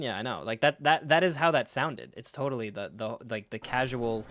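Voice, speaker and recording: A man hosting a live reaction stream, talking in an animated, sarcastic way, swearing freely and acting out scenes. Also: mid-range voice, a little fast. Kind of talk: casual live reaction commentary.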